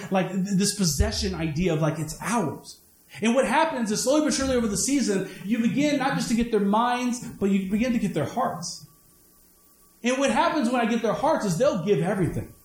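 A man's voice: high voice, lively intonation, a little fast. A male pastor preaching a sermon with energy, repeating phrases for emphasis. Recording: echoey room.

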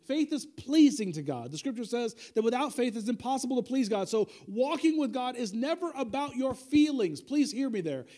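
A male pastor preaches with a high voice that swings widely in pitch, rising for emphasis and dropping low for quiet asides. His tone is mellow and warm. He talks conversationally and repeats key lines to drive them home. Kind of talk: sermon.

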